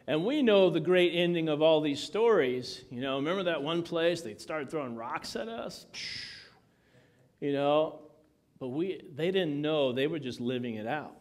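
A man's voice: fairly high pitch, expressive, normal speed. Male pastor, casual joking sermon, slightly raised voice. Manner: conversational, joking, many asides.

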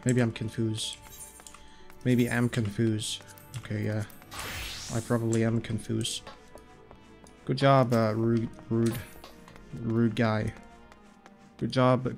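A man's voice: mid-range voice, a little mellow. A man with a stuffy, blocked-up nose, rambling and swearing as he plays a video game. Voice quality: nasal, blocked-up. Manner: profane, rambling, grumbling at the game. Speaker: gaming streamer. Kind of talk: casual gameplay commentary. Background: faint game music and keyboard typing.

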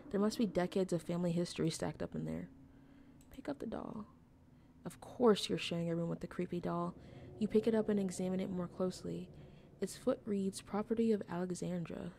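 A woman's voice: lowish voice, brisk, gravelly, mellow, slight background noise. A woman streamer reading a visual novel aloud, adding playful asides between lines. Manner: reads game text aloud with playful asides. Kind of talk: casual game narration.

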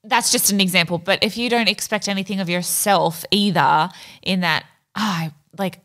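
A woman co-hosting a podcast, talking through her thoughts in a measured way with frequent fillers. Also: medium pitch, a bit bright. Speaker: podcast co-host. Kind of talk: casual chat.

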